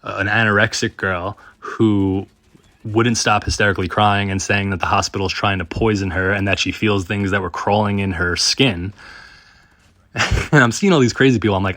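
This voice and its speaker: A man's voice: on the low side, fairly even intonation, normal speed, a bit bright, dry recording. A man in his thirties telling a rambling story with frequent laughs. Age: 30s. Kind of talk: casual storytelling.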